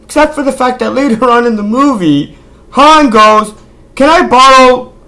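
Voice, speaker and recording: Medium in pitch with a sharp edge and an ordinary pace, a film critic vlogger rants casually. The tone is sarcastic and exasperated: rhetorical questions pile up, disbelief comes again and again, and the director gets scolded to his face.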